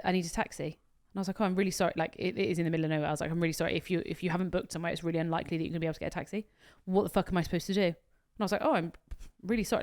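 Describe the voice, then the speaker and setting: A woman co-hosting a podcast in a casual chat, blunt and animated, telling stories full of quoted dialogue. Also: fairly low pitch. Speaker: podcast co-host.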